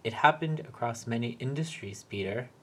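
A man's voice: medium pitch, moderate pace, breathy edge, lightly acted. A man voicing a male factory floor manager who coaxes and soothes. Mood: coaxing. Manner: soothing, coaxing.

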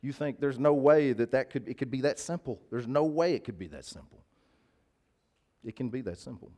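A male preacher talks to his congregation in a loose, conversational sermon. His pitch sits in the middle range for a man, and he keeps checking in with the listeners in a folksy way. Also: normal speed, mellow. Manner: conversational, folksy, asks the crowd to agree.

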